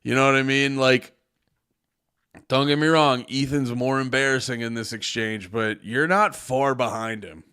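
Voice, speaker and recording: A man's voice: mid-range voice, moderate pace, sharp tone, smooth. A man streaming casual reaction commentary, exasperated and profane, rambling with lots of fillers.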